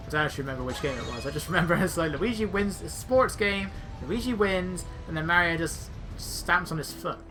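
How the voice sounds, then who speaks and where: A woman's voice: sits low, pushed and bright. A woman doing casual gameplay commentary as a let's player, with dry, joking asides. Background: faint game music.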